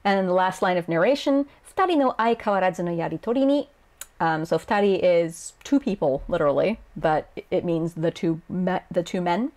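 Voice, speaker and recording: A chatty woman with a slightly low voice talks through translation choices in a relaxed video lesson. She laughs often and slips into playful voices for quoted lines. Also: a little fast. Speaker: Japanese game translator. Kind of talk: casual explanatory video lesson.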